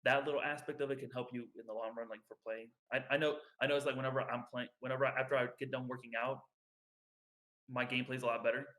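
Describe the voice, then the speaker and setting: Young male podcast co-host, loose rambling chat full of ums, mid pitch. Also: level tone, fast talker, fairly bright tone. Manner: rambling, many fillers and restarts. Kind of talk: casual chat.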